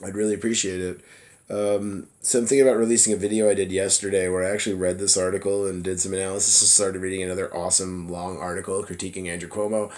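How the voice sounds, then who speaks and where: A man with a somewhat low voice records a casual political vlog on his phone. He reads a newspaper article aloud and drifts into loose, chatty asides full of fillers and laughs at himself. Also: flat delivery, fast talker, a little mellow. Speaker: political video blogger. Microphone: phone camera app.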